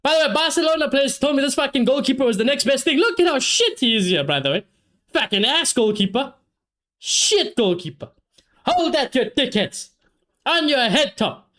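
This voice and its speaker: Excitable swearing football watchalong streamer man. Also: high voice. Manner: excitable, swears a lot, shouts in celebration. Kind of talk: live football reaction commentary.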